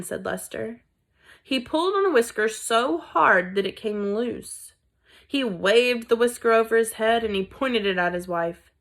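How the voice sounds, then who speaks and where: A woman reading a children's book aloud in a deliberate storytelling manner. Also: medium pitch, fairly bright tone. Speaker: reader.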